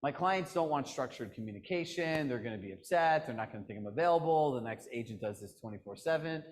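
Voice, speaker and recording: A man coaching real estate agents at a live workshop. He talks in an animated way and acts out the people in his stories. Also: mid-range voice, fast, slight background noise. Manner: animated storyteller, acts out quotes. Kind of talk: workshop teaching.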